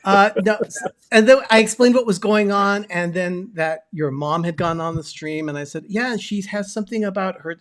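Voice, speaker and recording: Man host, excitable and chatty, on a video call. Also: sits high, normal speed. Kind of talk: casual chat.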